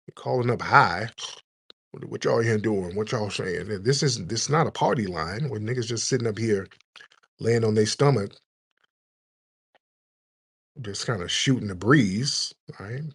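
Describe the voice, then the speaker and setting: Husky-voiced man hosting a call-in show. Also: lowish voice, measured pace, long pauses, a bit bright. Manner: blunt, teasing, lecturing. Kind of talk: casual call-in talk.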